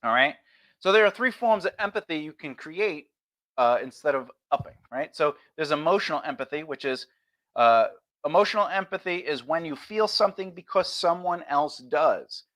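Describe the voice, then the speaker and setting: A man's voice: a little high, lively intonation, moderate pace, a bit bright. A man streaming a casual lesson on conversation skills, talking loosely and acting out example replies.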